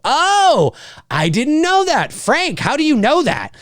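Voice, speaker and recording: North american guy rambling on his live stream, high lively voice, dry close mic. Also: slow, dry recording. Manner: rambling, animated, lots of fillers and laughs. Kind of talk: casual live stream chat reading viewer comments.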